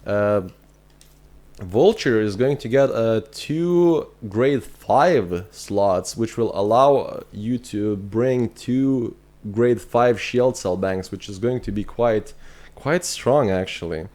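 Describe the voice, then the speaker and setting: Irish male streamer, lowish voice, rambling and friendly with chat. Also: slow pace, mellow. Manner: chatty, thinks aloud with fillers and restarts; reads chat messages aloud and answers viewers. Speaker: game streamer. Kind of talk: casual live-stream chat.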